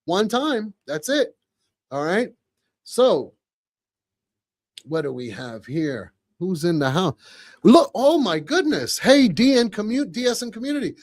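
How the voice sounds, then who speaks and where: Effusive New York podcast host. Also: male voice, sits high, very animated, unhurried, long pauses. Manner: effusive, exclamatory, chatty. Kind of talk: live podcast chat. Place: studio.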